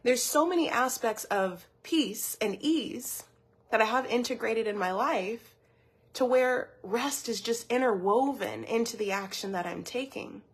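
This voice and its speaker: A woman with a fairly high, husky voice gives a motivational teaching talk as a wellness coach. She speaks in an earnest, personal way and often repeats words while she gathers her thoughts. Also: unhurried.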